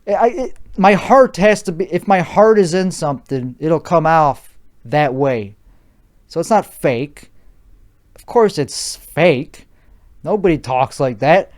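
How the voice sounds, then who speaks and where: A man's voice: fairly high pitch, expressive, slow. Overtired man in a put-on Chicago accent. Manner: profane, argumentative, repeats himself. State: overtired, sleep-deprived. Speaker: podcast host. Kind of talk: rambling solo podcast monologue.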